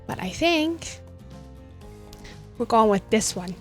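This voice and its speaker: A woman streams from her home desk, her voice high and playful. She drifts into giggly baby talk with her cat between lines. Faint music plays underneath. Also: expressive, slow. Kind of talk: casual live-stream chat.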